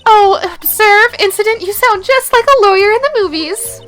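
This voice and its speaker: A woman's voice: very high-pitched, lively intonation, fairly bright tone, faint music behind, pitched above the performer's own voice. Woman playing a giggly flirty witness. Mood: teasing. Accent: slight put-on Southern. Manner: teasing, drawn-out giggly flirting.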